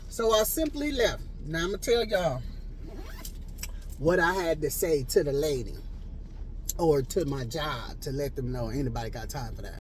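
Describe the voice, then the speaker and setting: A woman telling an animated storytime vlog about her home care job, acting out the people she quotes. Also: moderate pace. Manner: animated storytelling, acts out quotes with big pitch jumps. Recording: noisy, traffic outside.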